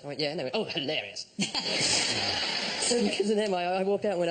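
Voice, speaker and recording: A man's voice: on the high side, sing-song, very noisy. An Australian man telling a comic anecdote as a panelist, acting out the quoted voices. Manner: quick storytelling, acts out the quoted voices. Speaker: comedian panelist.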